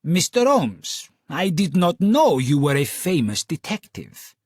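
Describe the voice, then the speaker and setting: A tempestuous Italian woman with a honeyed contralto and a lilting Italian accent, performed by a man. She hurls accusations in a husky, lifted voice that climbs and falls wildly. The sound is close and dry. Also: a little high, sing-song, unhurried, no echo, exaggerated voice. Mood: haughty. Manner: shouting, accusatory. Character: fiery Italian woman, furious, theatrical.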